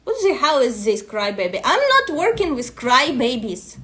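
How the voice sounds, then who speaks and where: A woman's voice: on the high side, very animated, moderate pace, bright, forceful tone. A woman coach with a non-native English accent, ranting bluntly and profanely to her vlog audience. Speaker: destiny matrix coach.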